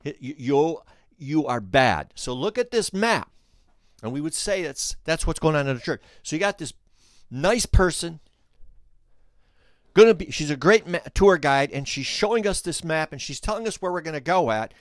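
A man hosting a podcast, telling a story in an animated way, restarting phrases and speaking straight to the listeners. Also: a little high, normal speed, dry recording, studio quality. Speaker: podcast host. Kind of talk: storytelling commentary.

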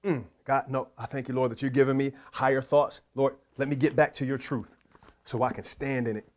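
A man's voice: medium pitch, level tone, a little fast, darkish tone. A man preaching a sermon, fervent and prayerful, repeating his exhortations.

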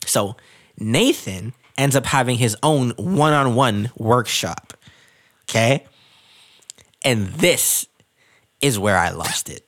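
A man's voice: mid-range voice, animated, slow, pauses often, fairly bright tone. A man recaps a reality show for his co-host, his voice swooping up and down as he builds each scene. He laughs through his own lines and stretches out words in disbelief. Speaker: podcast co-host.

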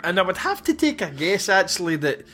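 A man's voice: sits high, sing-song, fairly quick, bright, forceful tone, soft background music. A man, casually recapping a film with wry, sweary asides. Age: 40s. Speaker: podcast host. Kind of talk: casual chat.

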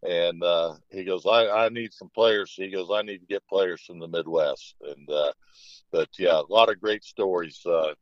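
Speaking low and at a normal speed, a middle-aged basketball coach recounts anecdotes in a casual interview. He meanders, full of fillers, restarts, and "you know," perking up whenever he quotes someone. The recording has no room sound and comes across dull, dry, and lo-fi.

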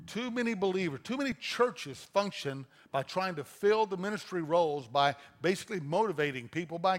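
Animated preaching man, slightly high voice. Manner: conversational, animated storytelling with acted-out quotes. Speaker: pastor. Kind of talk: sermon.

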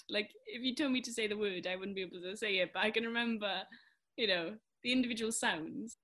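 A woman's voice: mid-range voice, fast, a bit bright. A woman learning words as co-host of a casual lesson, often laughing and tentative as she repeats after her teacher.

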